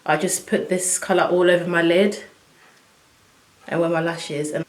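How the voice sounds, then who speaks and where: A woman chatting to viewers as she works through a casual makeup tutorial at home, excitable and talking as she goes. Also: on the low side, a little slow, long pauses. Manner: chatty, excitable, talks to viewers while working. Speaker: beauty vlogger. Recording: echoey room.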